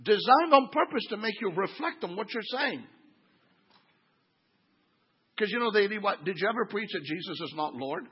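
Pastor, man in his fifties, high lively husky voice, sermon on a dull lo-fi recording. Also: fairly quick. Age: 50s. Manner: animated, swings from quiet asides to loud exclaiming.

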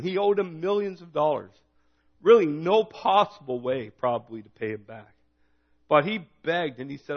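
A man preaching a sermon in a relaxed, conversational way, reading scripture and retelling it in his own words. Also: a little high, moderate pace. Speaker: pastor. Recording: dull lo-fi recording.

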